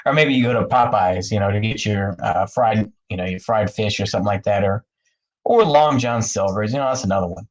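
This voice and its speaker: A man's voice: fairly low pitch, lively intonation, normal speed, rough recording. A man rambling in a casual chat with his viewers, full of fillers and frequent laughs, talking from his bathtub. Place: bathroom, in the bathtub.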